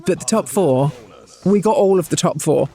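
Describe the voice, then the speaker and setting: A woman's voice: on the low side, normal speed, mellow. A woman co-hosting a science podcast, chatting in a wry, teasing way. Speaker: podcast co-host. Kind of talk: casual science chat.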